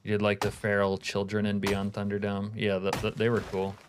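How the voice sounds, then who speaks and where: A man's voice: fairly low pitch, completely flat delivery, fairly quick, background noise. A man live-streaming a game, chatting casually, reading viewer comments aloud and swearing offhand. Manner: laid-back, profane, reads chat aloud.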